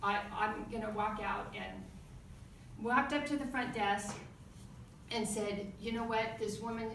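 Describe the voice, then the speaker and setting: A bright, high-voiced woman from the US tells a personal story as a club speech, bursting loud when she acts out the quarrel. She is caught from far off by the mic in a strongly echoing room. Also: fairly even intonation, unhurried, vocal fry, a little hiss or hum. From United States. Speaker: club speaker. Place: meeting room.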